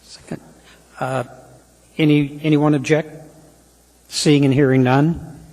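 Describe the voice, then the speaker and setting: A man chairing a city assembly meeting, running through motions and votes with brisk procedural calls. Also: on the high side, level tone, darkish tone. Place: city council chamber. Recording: reverberant council chamber.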